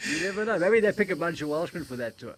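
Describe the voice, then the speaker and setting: A man co-hosting a rugby podcast in relaxed, playful banter. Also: on the high side, fast, a crowd in the background. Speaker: rugby pundit co-host.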